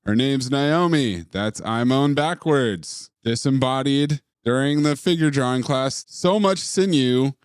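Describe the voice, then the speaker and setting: A man's voice: mid-range voice, a little slow, hardly any pauses, clear, resonant tone, no echo, studio quality. A man co-hosting a film podcast, wryly running through favorite scenes and his verdict. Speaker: podcast co-host. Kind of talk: casual film review chat.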